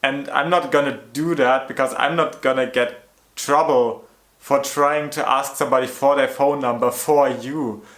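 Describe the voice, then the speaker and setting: Man, casual storytime vlog, chatty, exasperated, lots of "like", mid pitch, roomy echo. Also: steady tone, moderate pace, a bit bright. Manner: chatty, many "like" fillers, exasperated retelling.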